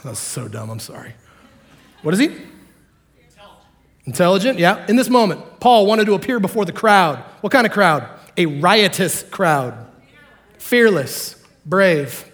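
A man preaching a sermon to a congregation, animated and joking, acting out the characters in the story. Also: high voice, measured pace, pauses often. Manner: animated, acts out quotes, jokes with the congregation. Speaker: pastor.

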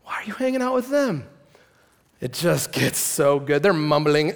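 A man preaching a lively, conversational sermon and acting out characters with shouts and asides. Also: on the high side, brisk. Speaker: pastor. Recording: long hall reverb.

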